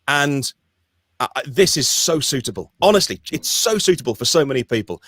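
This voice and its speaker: A man, co-hosting a podcast in casual chat, talking in an animated, emphatic way with frequent restarts. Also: mid-range voice, brisk, breathy edge, no echo, clean studio sound. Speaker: podcast co-host.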